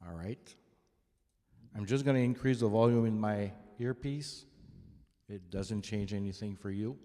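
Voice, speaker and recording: This man, a drummer in his fifties, talks gear to camera in his home studio, demonstrating vocal microphones while thinking out loud and correcting himself. His voice is on the low side, warm and unhurried. A studio vocal mic captures him close up.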